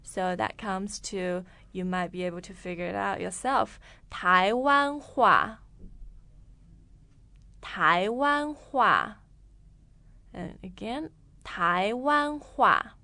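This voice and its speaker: A woman co-hosting a language lesson, speaking phrases slowly and clearly for learners to repeat. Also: mid-range voice, sharp tone, no echo. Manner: slow, carefully spoken model phrases. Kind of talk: modeling phrases and explaining.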